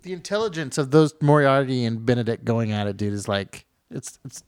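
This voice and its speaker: A man's voice: mid-range voice, a little fast, smooth, no echo, studio quality. A man co-hosting a casual chat, talking enthusiastically and emphatically.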